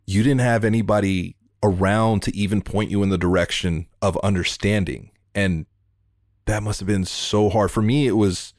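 A man hosting a podcast interview over a remote call, talking in an earnest, heartfelt way and in quick bursts. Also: fairly low pitch, fairly even intonation, a little mellow, no echo, clean studio sound. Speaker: podcast host. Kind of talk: emotional interview conversation.

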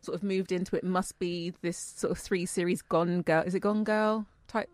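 Woman, lower voice, punchy short sentences, dry sound. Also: fairly even intonation, moderate pace, a little mellow, dry recording. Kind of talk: casual chat.

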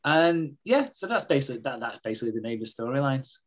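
A man in a relaxed podcast chat, swearing freely as he recaps a soap episode. His voice sits at a middling pitch, and he slips in quick impressions of the characters as he goes. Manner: sweary storytelling, mimicking characters in quick asides. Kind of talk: casual chat.

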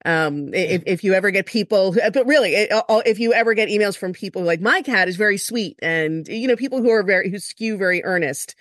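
A woman hosts a relaxed interview, curious and often doubling back on her words mid-sentence. Her pitch sits in the middle of the range, and the sound is dry and close to the mic. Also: fast talker, hardly any pauses, no echo. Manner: curious, repeats words as she restarts. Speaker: podcast host. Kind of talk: casual interview chat.

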